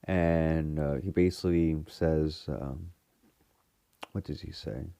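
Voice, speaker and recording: A man's voice: a bass voice, fairly even intonation, takes it slowly, gravelly, dark tone, no echo. A man casually recapping a TV episode in a rambling way, full of fillers and restarts. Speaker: fan reviewer retelling a TV episode.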